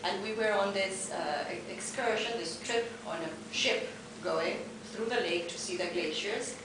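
Halting woman, Spanish native, echoey hall. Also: medium pitch. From Argentina. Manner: halting, repeats words while searching for phrasing. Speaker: literary translator on a panel. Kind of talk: casual panel talk. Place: conference room. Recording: echoey room from far off, noisy.

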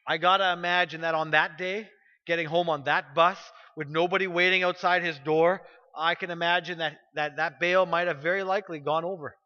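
A man's voice: fairly high pitch, fairly even intonation, a little fast, sharp tone. A middle-aged male pastor preaching a sermon, telling stories and pressing his points with emphatic repetition. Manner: storytelling, emphatic, repeats phrases when pressing a point. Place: church sanctuary. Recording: dull recording with long hall reverb.

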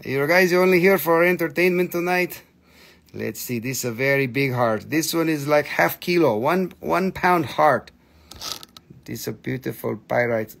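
Male live-stream seller, gravelly and profane, pushy and excitable with his buyers. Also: mid-range voice, normal speed. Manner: excitable, swears freely, coaxes viewers to buy. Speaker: host selling crystals on a live stream. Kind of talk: live sales stream chat.

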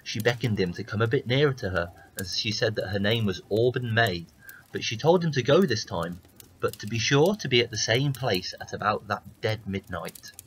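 A man reading a fairy tale aloud as a storyteller, in steady, plain narration. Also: lowish voice, normal speed, slight background noise, poor audio.

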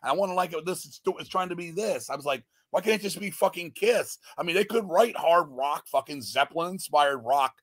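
A man in casual podcast chat, loud and swearing, mocking things he hates and breaking into shouted parodies. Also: on the high side, animated, a little fast, hardly any pauses, no room sound, studio quality. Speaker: podcast guest.

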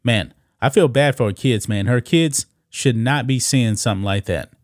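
A man hosts casual political commentary, mocking as he speaks straight to his viewers and calls them "guys." His voice is medium-pitched at a normal speed, with clean studio sound and no room echo.

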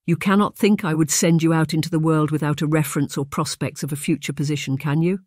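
A man's voice: on the high side, fairly even intonation, fast, darkish tone, no echo, lightly acted. Man doing a gracious noblewoman, cheerful, raised voice, dry close audiobook sound. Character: kindly cheerful middle-aged noblewoman employer.

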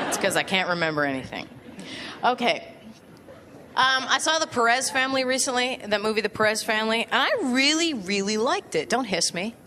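A woman comedian doing a self-deprecating, sardonic stand-up set on stage at a music venue. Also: medium pitch. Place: large music venue before a live audience. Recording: live stage recording with loud crowd laughter and noise. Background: audience laughter and applause.

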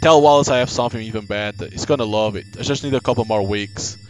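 Man reading Walter, a gruff boozy writer. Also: lowish voice, fast talker, soft background music, close to an everyday voice, low-quality recording. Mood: tense. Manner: reads game dialogue aloud, gruff and cursing. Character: hard-drinking struggling male writer, middle-aged, cornered.

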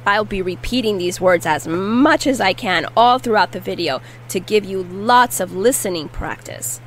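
A woman teaching a language lesson, repeating each word slowly and carefully. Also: medium pitch, animated, slight background noise, rough recording. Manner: slow, careful repetition of words. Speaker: Spanish teacher.

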